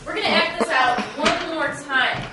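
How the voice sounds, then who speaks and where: Speaking at normal speed in an extremely high-pitched voice, a woman teacher directs her students through a role-play and tells the class what to do. The classroom recording is noisy, distant and heavily echoing.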